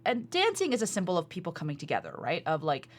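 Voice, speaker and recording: A woman co-hosting a casual podcast, chatting in an animated way with lots of fillers. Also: on the low side, fast. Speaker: podcast co-host. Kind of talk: casual chat.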